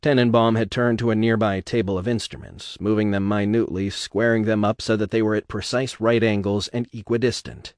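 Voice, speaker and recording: A man with a fairly low voice reads a novel aloud in a steady storytelling manner. The recording is dry and close, with no room sound. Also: a little fast, hardly any pauses, dry recording. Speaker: narrator. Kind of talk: novel reading.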